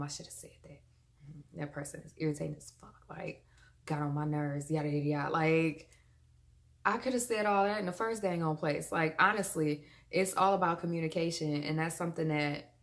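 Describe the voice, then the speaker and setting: A woman giving a frank, chatty motivational talk to her viewers, with slang and the odd laugh. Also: sits low. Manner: laughs between points. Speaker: vlogger. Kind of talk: casual motivational talk to camera.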